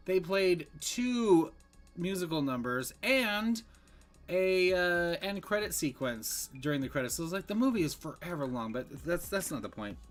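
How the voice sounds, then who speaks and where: A man's voice: on the high side, fairly bright tone. A man giving a casual, rambling movie review, full of fillers and restarts.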